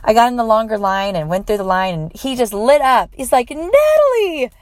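A woman's voice: medium pitch, brisk, dry recording. A woman telling a personal story in an earnest, heartfelt way, with frequent fillers and restarts.

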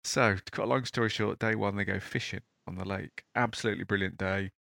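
Chatty man, low voice. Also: fast talker, creaky, dry recording, clean studio sound. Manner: chatty, animated, jokey. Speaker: podcast host. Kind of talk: casual podcast talk and storytelling.

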